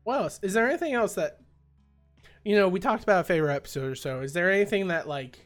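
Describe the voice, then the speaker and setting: A man hosting a casual podcast, retelling a sitcom episode with lively acted-out quotes. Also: high-pitched, fast, faint music behind. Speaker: podcast host.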